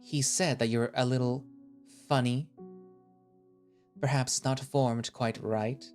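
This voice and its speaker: A man playing a cold, scornful male settlement leader who speaks slowly and condescendingly, with cutting remarks. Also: mid-range voice, steady tone, darkish tone, soft background music, close to an everyday voice. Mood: contemptuous.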